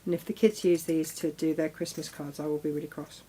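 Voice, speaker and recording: A woman's voice: sits low, level tone, a little fast, warm tone, a little hiss or hum. A middle-aged woman hosting a live sewing demonstration, chatting casually, talking to her tools and exclaiming as she goes. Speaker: crafting show host.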